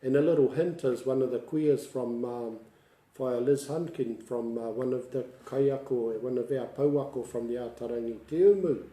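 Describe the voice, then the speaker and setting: A man's voice: medium pitch, normal speed, dark tone, reverberant. A man with a New Zealand accent, a Māori language tutor telling stories in a casual livestream lesson, chatty and laughing often.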